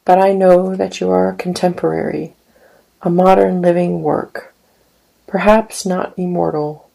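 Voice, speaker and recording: A woman giving a deliberate poetry reading, letting some line endings fall to a near whisper. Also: fairly low pitch, fairly even intonation, creaky, mellow, rough recording. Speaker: poet.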